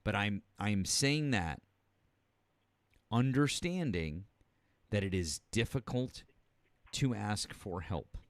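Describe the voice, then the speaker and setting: A man hosts a call-in political talk show in a low voice, full of restarts and apologies. The sound is dry and close, with no room around him. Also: animated, takes it slowly, long pauses, dry recording. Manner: stammering, apologetic, says he can't fake anger. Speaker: host.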